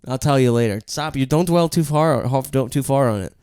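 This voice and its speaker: A man's voice: mid-range voice, brisk, darkish tone, smooth, no echo. A young man co-hosting a podcast, a stand-up comedian in loose, crude banter who laughs and swears often.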